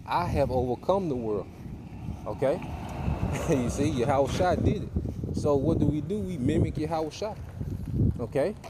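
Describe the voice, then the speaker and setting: A man's voice: a little high, measured pace, long pauses. A man giving an informal sermon to a group of brothers, tagging his points with "man" and "okay?". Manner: casual preaching, tags lines with "man" and "okay". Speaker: teacher of a Bible study group. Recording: loud background noise.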